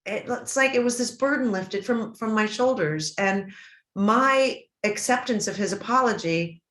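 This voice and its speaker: Middle-aged woman guest, earnest and emotional storyteller with halting restarts, mid pitch, echoey hall. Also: lively intonation, fairly bright tone. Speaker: interview guest. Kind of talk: personal storytelling in an interview. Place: event stage or hall. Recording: roomy, echoey room.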